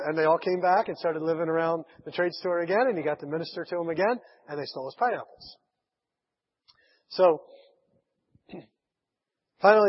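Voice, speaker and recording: A man preaches in a long-echoing hall, recorded on dull, lo-fi equipment. His voice sits high and a little husky as he tells a story with frequent chuckles. He slips into the voices of the people he quotes. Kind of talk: sermon storytelling. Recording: echoey hall, dull lo-fi sound.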